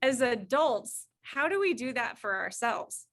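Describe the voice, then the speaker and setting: A woman's voice: a little high, a little slow. A middle-aged woman, a guest counselor, telling an anecdote and acting out the voices in it. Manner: lively, acts out the voices in her stories. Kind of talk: anecdotal storytelling.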